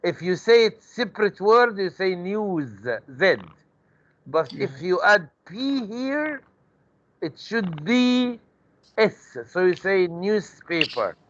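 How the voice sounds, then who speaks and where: A man's voice: high voice, lively intonation, slow pace, a bit bright, highs cut off. A man teaching an English grammar lesson in a classroom, patiently drilling words by repeating them. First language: Arabic.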